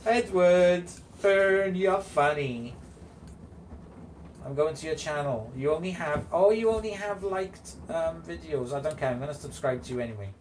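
A man's voice: fairly high pitch, normal speed, a little hiss or hum. A man hosting a live stream, chatting casually and giggling as he reads out viewer comments.

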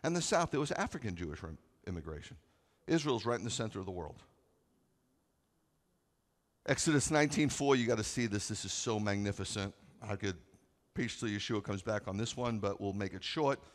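A man preaching a sermon to a congregation, moving between quiet conversational asides and loud, emphatic scripture readings. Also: lowish voice, animated, a little fast. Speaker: rabbi preaching. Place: congregation sanctuary.

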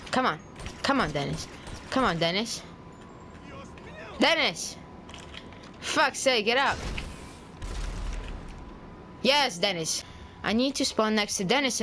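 A woman's voice: mid-range voice, lively intonation, measured pace, pauses often, a little hiss or hum. A young woman, commentating a game and swearing at a friend. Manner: frustrated, swearing, yelling at a friend. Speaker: gaming YouTuber. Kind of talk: casual gameplay commentary.

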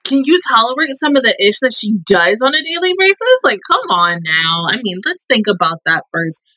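Profane, lively woman reacting to anime. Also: fairly high pitch, normal speed, no echo, low-quality recording. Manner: profane, exasperated ranting at the screen. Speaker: anime reaction channel host.

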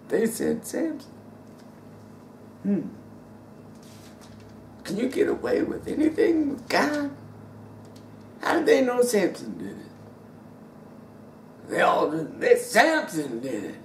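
Preacher, male, unhurried and theatrical, heard from a distance in a reverberant church hall. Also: very high-pitched, huge pitch swings, a little hiss or hum. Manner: dramatic, swings between loud outbursts and quiet asides; acts out biblical characters in voice. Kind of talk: sermon. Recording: roomy echo, distant mic.

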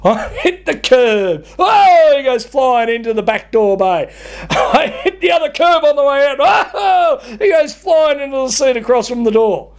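A man's voice: very high-pitched, big pitch swings, unhurried. A man, a bus driver ranting bluntly and swearing as he tells comic stories to camera. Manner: blunt, sweary, laughing at his own stories.

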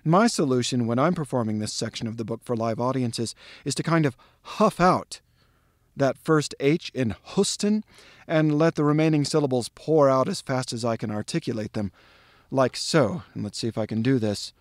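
A man giving a pronunciation tutorial on a literary passage, explaining calmly and drilling the words syllable by syllable. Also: medium pitch, moderate pace, no room sound, studio quality.

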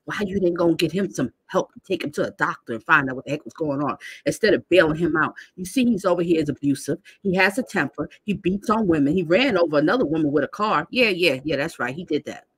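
Husky-voiced woman hosting a live stream. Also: low voice, lively intonation, quick pace, few pauses. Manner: indignant, lecturing, talks straight to viewers. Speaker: host of a live commentary stream. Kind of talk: casual live commentary, reading viewer comments.

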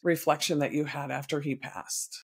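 A man's voice: a little high, little pitch movement, moderate pace, creaky, husky. A man hosting a podcast, asking a long question and searching for his words. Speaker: podcast host. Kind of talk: interview question.

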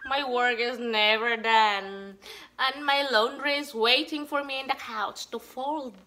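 A woman's voice: on the high side, fairly even intonation, measured pace, bright, forceful tone. A mother with a Filipino accent chatting playfully in a home vlog, repeating words in chains in broken English. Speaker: mother vlogger. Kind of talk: casual home vlog chat. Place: family home.

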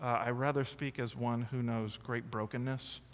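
A man's voice: medium pitch, flat delivery, moderate pace, in a large hall. A male lead pastor preaching a sermon, mixing self-deprecating humor with earnest confession.

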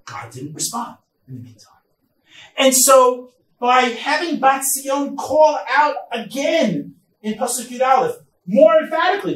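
A man teaching a Bible study class as rabbi, reading verses slowly and then explaining them with emphatic stresses. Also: very high-pitched. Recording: echoey room, mic far off, faint noise.

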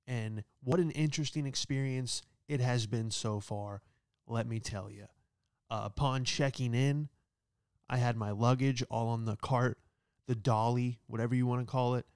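A male comedian in the middle of a stand-up monologue, sarcastic and rambling, checking in with a steady "all right?" His voice sits at an ordinary pitch with a smooth, resonant clarity. It is recorded dry and close, with no room sound. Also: normal speed, no echo. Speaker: comedian host.

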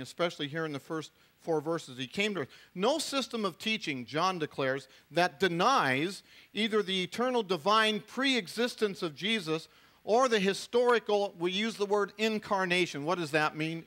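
A man's voice: sits high, expressive, moderate pace, pushed and bright. A middle-aged man, a pastor, preaching a sermon in a conversational way, with frequent restarts and asides to the congregation.

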